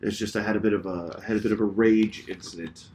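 A man's voice: fairly low pitch, fast, background noise. A man co-hosting a podcast, retelling a road-rage story in casual chat, swearing freely and acting out the lines of the people in it. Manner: profane, animated retelling with acted quotes. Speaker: podcast co-host.

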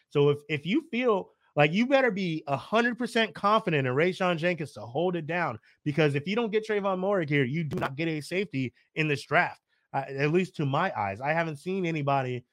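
A man's voice: on the high side, lively intonation, fairly quick, fairly bright tone, no echo, studio quality. A man co-hosting a casual sports podcast, laid-back and opinionated, using slang and laughing easily.

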